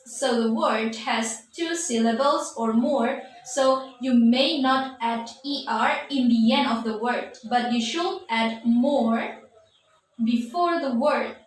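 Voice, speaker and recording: A woman teaching an English grammar lesson, patiently repeating points with fillers. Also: a little high. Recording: echoey room from far off, faint noise.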